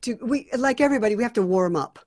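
A woman's voice: on the high side, animated, rapid-fire, a little mellow, dry recording. Woman, songwriting mentor, thoughtful, restarts often, dry sound. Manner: thoughtful, frequent restarts and fillers. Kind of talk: critiquing a song draft.

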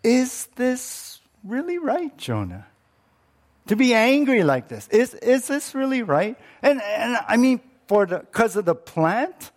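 A man's voice: very high voice, sing-song, slow, voice pushed up, heavily acted. A man voicing God, who patiently asks probing questions during a sermon. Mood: questioning.

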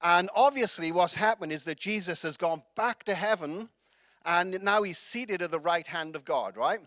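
A middle-aged Welsh man preaches a sermon in a relaxed, chatty way, full of fillers and quick asides. His voice sits high for a man. The sound is dry and close, with no room around it. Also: no room sound. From Wales. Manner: chatty, laughing storyteller with many fillers. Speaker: pastor.

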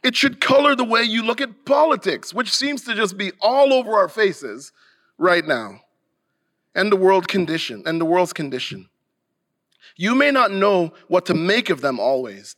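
A man's voice: fairly high pitch, fairly bright tone. A male pastor preaching a sermon earnestly and emphatically, sometimes restarting a phrase.

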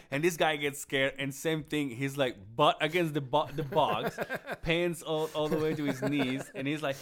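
A young man in casual podcast chat, telling a crude story with lots of swearing, laughing as he talks and shouting out the lines he quotes. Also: fairly high pitch, steady tone, moderate pace. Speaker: podcast co-host.

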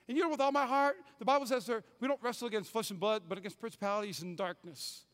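A man preaching a sermon as pastor, emphatic, repeating key phrases and swinging from loud to hushed. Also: high-pitched, fast talker, hardly any pauses. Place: church sanctuary. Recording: hall reverb, church sanctuary.

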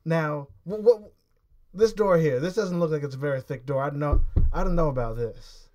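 A man's voice: fairly high pitch, moderate pace, a little mellow, natural voice. A man playing a glib con-man salesman. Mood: wheedling. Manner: glib, wheedling sales patter. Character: smooth-talking male con man, pushy salesman.

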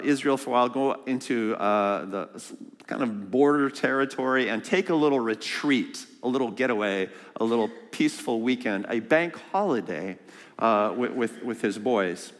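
Lively man preaching in a reverberant hall. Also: medium pitch, moderate pace. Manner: lively, joking, asks the congregation questions. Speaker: guest preacher. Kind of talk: sermon. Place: church sanctuary.

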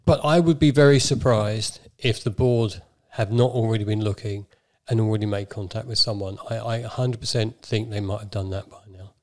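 A man in casual football podcast chat, speaking in a measured way with many "you know" fillers. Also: lowish voice.

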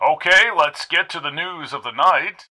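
A man's voice: on the high side, normal speed, sharp tone, voice pushed up, rough recording. A man voicing a glib 1950s radio host with brash, wisecracking patter. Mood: breezy.

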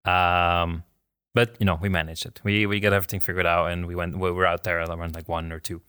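Brief: male podcast host, lowish voice, chatty storyteller who acts out the quotes, dry close mic. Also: level tone, brisk, pushed and bright, clear, resonant tone, dry recording. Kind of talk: casual storytelling chat.

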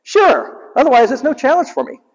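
A man doing a cocky young cartoon hedgehog, all high, bright swagger. The voice jumps well above a man's usual pitch and lands every line smugly. It rings with a long hall echo and a dull, muffled sound. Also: very animated, brisk.

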